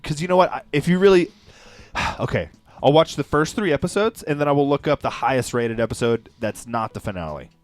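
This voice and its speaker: A man's voice: medium pitch, expressive, fairly quick, no room sound. A man in his thirties chatting casually on a podcast, rambling and restarting his sentences with jokes. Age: 30s. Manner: rambling, self-interrupting, jokey. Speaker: podcast host. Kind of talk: casual chat.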